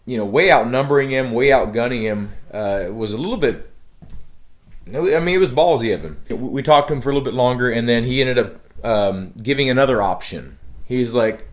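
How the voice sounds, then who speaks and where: A man talking straight to the camera in a loose, rambling vlog. He leans hard on filler words and swears casually as he recounts things. His voice sits at an ordinary male pitch, with nothing about it standing out. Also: expressive, brisk. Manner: rambling, many "like" fillers, profane. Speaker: vlogger. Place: outdoors at a shooting area.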